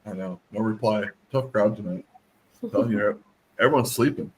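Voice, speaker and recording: A man's voice: on the low side, moderate pace, slight background noise, poor audio. A man chatting casually on a live stream, joking and acting out voices as he tells stories. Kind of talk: casual chat.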